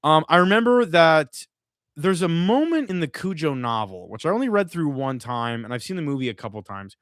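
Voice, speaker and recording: Drunk-ish guy cursing on his stream at home, bouncy pitch all over, dead dry room. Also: a little fast, dry recording. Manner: profane, animated ranting. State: tipsy from drinking. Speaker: streamer host. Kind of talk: casual live-stream commentary.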